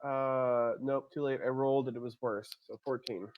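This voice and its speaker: A man speaks as a player in a tabletop role-playing game, his talk full of hesitant restarts. His voice sits at an ordinary pitch, and the recording sounds dull, lo-fi and dry. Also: flat delivery, moderate pace, dry recording.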